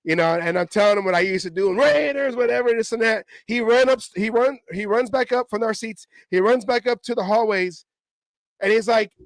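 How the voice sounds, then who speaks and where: A man co-hosting a casual sports talk show, telling stories in a lively, rambling way and acting out crowd chants. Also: high voice, a little fast, no echo. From Oakland area, California. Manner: animated, acts out chants in his stories. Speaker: podcast co-host. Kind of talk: casual storytelling chat.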